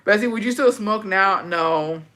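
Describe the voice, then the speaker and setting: A livestream host with a mid-range, fairly bright voice talks a little slowly, with slight background noise behind her. She shares a personal story in casual, profane chat and answers comments bluntly, often tagging "bitch" onto her lines.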